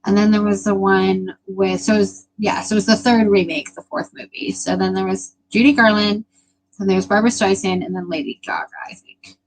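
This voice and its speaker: A woman's voice: mid-range voice, little pitch movement, fairly quick, vocal fry, rough recording. A young woman hosting a casual live stream, chatting with viewers in a gushing, emotional way with lots of fillers.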